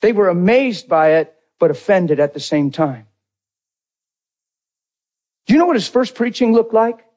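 A man preaching a sermon in a dramatic way, jumping from loud exclamations to hushed low lines. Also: very animated, unhurried, long pauses.

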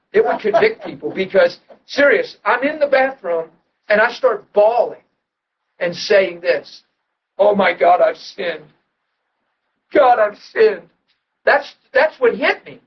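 A man preaching a sermon, telling his testimony with emotional storytelling that swings from hushed to loud. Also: high voice, distant mic, lo-fi sound, a little hiss or hum.

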